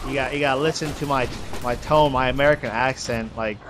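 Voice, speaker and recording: A young man on voice chat during a co-op game, swearing freely and teasing his friends. His tone jumps up quickly when he gets excited. Faint game noise runs underneath. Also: medium pitch. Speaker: gamer, channel host. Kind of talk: casual co-op gaming chat.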